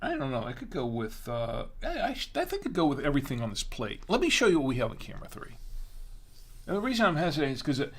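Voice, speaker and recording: A middle-aged man hosting a wine tasting show, chatting casually and haltingly, sometimes talking while chewing. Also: mid-range voice, huge pitch swings, a bit bright.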